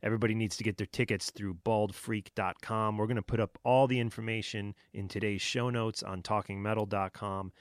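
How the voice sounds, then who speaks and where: A man's voice: lowish voice, no room sound, clean studio sound. A man co-hosting a podcast, wrapping up an interview and plugging an upcoming show. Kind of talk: casual interview.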